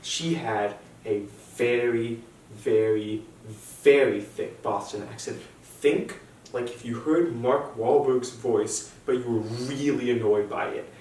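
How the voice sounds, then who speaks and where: A young man telling a stand-up story with animated, nervous repetitions and restarts. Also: mid-range voice, slow. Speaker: stand-up comedian. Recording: echoey room, distant mic, faint noise.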